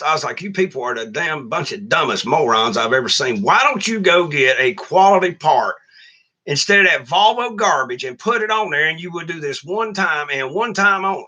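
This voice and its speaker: Over lo-fi audio, a middle-aged man who drives trucks and runs a channel tells stories in a crude, complaining, blunt livestream rant. He sounds a little high, bright, and forceful.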